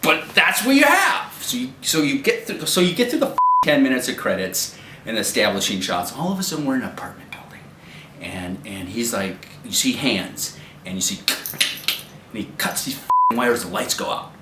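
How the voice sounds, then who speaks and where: Profane male movie reviewer, rambling and animated, recorded in a noisy, echoey house. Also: mid-range voice, moderate pace. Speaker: movie reviewer, show host. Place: a friend's house at night. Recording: roomy home recording with noise.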